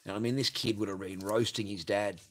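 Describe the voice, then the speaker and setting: A man hosts a livestream, reading viewers' superchats and laughing his way through a crude, casual rant. His voice is fairly low and fairly bright, steady in tone and fairly quick.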